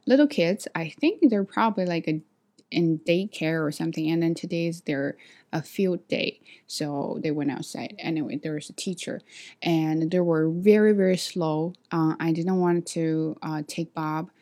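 A woman telling a story to camera in a vlog, hesitant with many fillers and restarts, animated when she acts out what others said. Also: deep voice, normal speed. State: sweaty after a walk. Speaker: vlogger.

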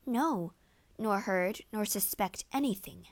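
A woman's voice: medium pitch, very animated, unhurried, dry recording. A woman voicing an outspoken, loyal maidservant who speaks indignantly and insists. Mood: insistent.

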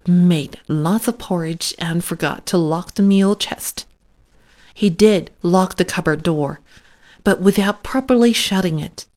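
A woman reading a children's storybook aloud, slowly and expressively. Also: on the low side. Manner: slow, expressive read-aloud. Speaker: narrator.

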